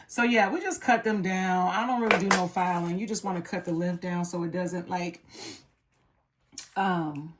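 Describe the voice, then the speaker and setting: A woman chatting casually and relaxed with frequent ums and likes as she walks through a nail art tutorial. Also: lowish voice, moderate pace, very noisy. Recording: electric nail file buzzing behind.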